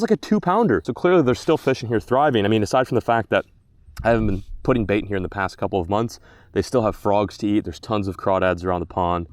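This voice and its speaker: A man filming a casual fishing vlog outdoors by his backyard pond, talking to viewers and exclaiming when something surprises him. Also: on the low side. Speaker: fishing vlogger.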